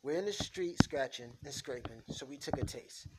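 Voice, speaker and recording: A man's voice: medium pitch, expressive, moderate pace, heavy background noise, pitched below the performer's own voice, close to an everyday voice. A man playing a whiny mob underling. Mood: defensive.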